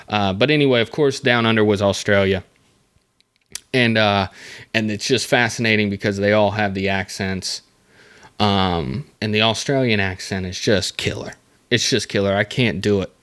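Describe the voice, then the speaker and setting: A man's voice: on the low side, steady tone, unhurried, a bit bright, smooth. A man hosting a casual solo podcast, rambling through the topic with jokey asides and self-mocking comments. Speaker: podcast host.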